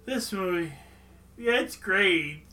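A man's voice: high-pitched, lively intonation, slow pace, bright, forceful tone. A man chatting about a movie on a podcast, asking incredulous questions. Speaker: podcast co-host. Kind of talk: casual chat.

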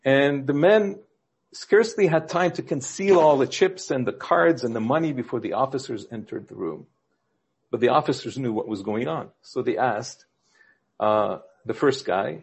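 A man preaching a sermon, telling jokes in a storytelling way and acting out the quoted characters with rises in pitch. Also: animated, normal speed, creaky, slightly rough. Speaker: pastor.

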